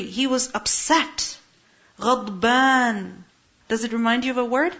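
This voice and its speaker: Woman, Quran teacher, fairly high voice, questioning explanatory manner, dull lo-fi sound. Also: a little fast, a bit bright. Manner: explains Arabic words, asks questions to the class. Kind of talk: Quran tafsir lesson. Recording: muffled lo-fi recording.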